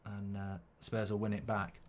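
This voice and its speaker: A man's voice: lowish voice, completely flat delivery, moderate pace. A middle-aged man, hosting a football watchalong in a rambling, sweary, casual live-stream chat.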